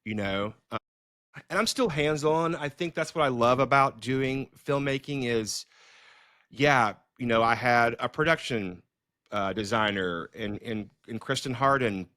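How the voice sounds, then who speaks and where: A middle-aged man, a filmmaker hosting a podcast, telling stories in a casual, animated way with many fillers and restarts. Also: medium pitch, a little slow, no echo, clean studio sound. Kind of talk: casual storytelling conversation.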